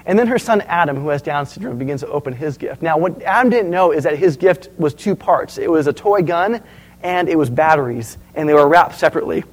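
Animated high-voiced male preacher. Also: a little fast, low-quality recording. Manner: storytelling, animated, asks the audience questions. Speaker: pastor. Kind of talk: sermon.

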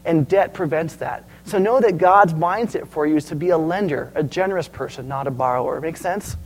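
Male pastor, high tenor, lively storyteller delivering a sermon to his congregation. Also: a little fast, faint music behind, poor audio. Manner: storytelling, animated, asks the audience questions.

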